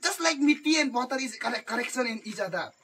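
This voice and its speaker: High-voiced man teaching in broken English. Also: animated, sharp tone, husky. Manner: broken English mixed with Hindi, halting, repeats words. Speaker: comic playing a teacher. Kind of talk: improvised comedy skit.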